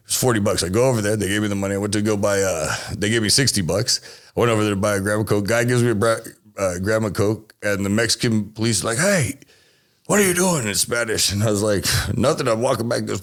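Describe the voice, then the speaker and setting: Animated low-voiced man telling stories. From United States. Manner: animated, acts out voices in his stories, laughs often. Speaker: guest. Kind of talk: casual storytelling.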